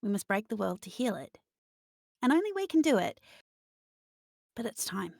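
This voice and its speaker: A woman voicing an ancient, chaotic, motherly female entity that speaks in a soft, solemn, commanding way. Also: medium pitch, sing-song, moderate pace, gravelly, no room sound, clean studio sound, voice pushed up.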